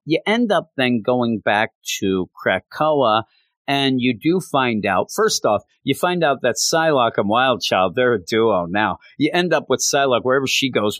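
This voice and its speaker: A man's voice: medium pitch, fairly bright tone, no echo. Rambling male comic reviewer. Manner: rambling, many fillers like "you know". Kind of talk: casual review talk.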